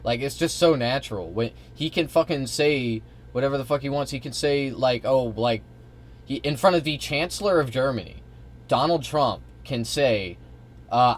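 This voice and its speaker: A man's voice: medium pitch, normal speed. A young man streaming, reacting to a clip in casual, rambling talk full of fillers and swearing. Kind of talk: live stream reaction commentary.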